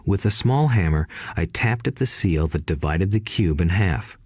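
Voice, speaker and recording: In a calm, measured audiobook manner, a male narrator with a very deep, low voice recounts his own childhood as a memoir. The recording is close and dry, with no room sound.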